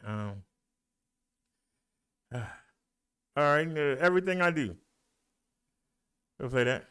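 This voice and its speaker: A middle-aged man and show host, out of breath, reading out the day's figures in a folksy, animated way. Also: on the high side, slow pace, clear, resonant tone. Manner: animated, rolls his R's, folksy drawl. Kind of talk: casual livestream talk, reading daily stats.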